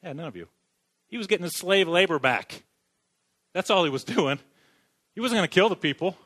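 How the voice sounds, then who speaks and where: This preacher's voice is high-pitched, a bit bright and expressive, and he talks a little fast. Standing in a church sanctuary, he jokes throughout his sermon and repeatedly puts questions to the congregation.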